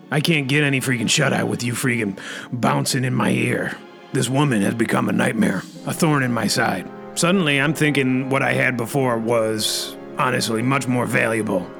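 A man's voice: medium pitch, creaky, a bit bright. A man hosting a comedy podcast, bellowing catchphrases and stuffing "freaking" into every phrase. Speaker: podcast host. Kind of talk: comic rant in character.

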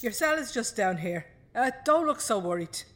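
An actress playing a jolly but firm female prison officer who hushes a rowdy group. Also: on the high side, expressive, faint music behind, natural voice. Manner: brisk, coaxing, hushing a rowdy crowd. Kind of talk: film drama acting. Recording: film scene with a crowd of women behind.

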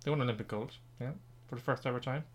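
An Irish man co-hosting a podcast in casual banter, delivering blunt hot takes in a dry, deadpan way. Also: medium pitch, fast. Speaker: podcast co-host.

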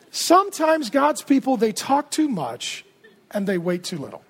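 High-voiced, animated male pastor. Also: a little slow, husky. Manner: animated, humorous, conversational. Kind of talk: sermon.

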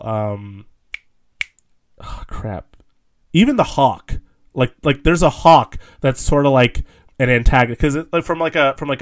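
A man's voice: medium pitch, smooth. Rambling young man in casual chat. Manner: rambling, many fillers, laughs often. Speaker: podcast co-host.

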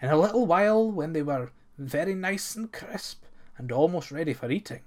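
A man reading an old folktale aloud as narrator, steady and expressive. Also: on the high side, moderate pace.

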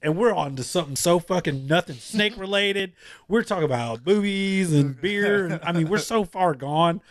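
A man's voice: high-pitched, moderate pace. Laid-back, swearing man. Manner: laid-back, swears freely, rambling with restarts. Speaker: podcast guest. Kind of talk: casual chat.

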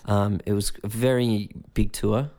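A man's voice: lowish voice, steady tone, unhurried, dark tone. An Australian man in his forties, a musician, telling a loose, rambling story with plenty of swearing and acted-out voices. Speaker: musician guest. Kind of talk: casual storytelling in conversation.

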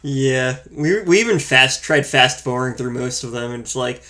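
A man co-hosting a casual movie review chat, relaxed and wry as he counts off his points. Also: mid-range voice, normal speed, a little hiss or hum. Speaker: podcast co-host reviewing a film.

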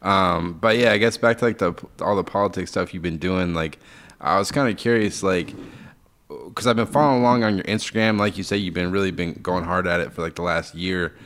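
A man with a very low voice hosts a podcast in a loose, friendly way. He trips over his words, repeats himself, and fills his sentences with "like". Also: brisk, a bit bright. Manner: easygoing, repeats words, lots of "like". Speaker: podcast host. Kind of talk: casual interview chat.

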